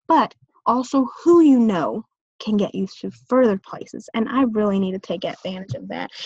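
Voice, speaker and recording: A woman's voice: medium pitch, darkish tone, dry recording, highs cut off. A young woman in her twenties, a student, talking through her own strengths and weaknesses in a hesitant way, with many fillers and restarts. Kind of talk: self-reflective talk.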